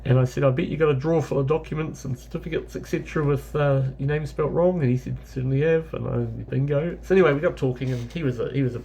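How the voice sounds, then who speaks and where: Here a New Zealand-accented man from New Zealand, a travel vlogger, rattles off a casual travel tale, rambling, fixing his own words and dropping fillers throughout. His medium-pitched voice is gravelly yet mellow, fast with few pauses. A bit of hiss or hum is audible.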